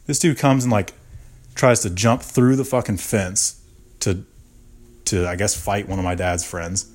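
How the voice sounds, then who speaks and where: A young man spins a profane, animated story on his podcast. His voice sits a little low for a man, and he talks loosely, the way you would tell it to friends. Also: a little slow. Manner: profane, animated anecdote telling. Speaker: podcast host. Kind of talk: casual storytelling.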